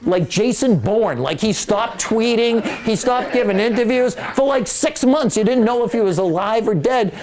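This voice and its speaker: A man, an author, giving a casual, animated storytelling talk to an audience in a library, joking as he goes. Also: sits high, moderate pace, few pauses, crowd noise. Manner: animated, joking, acts out quoted voices. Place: public library meeting room.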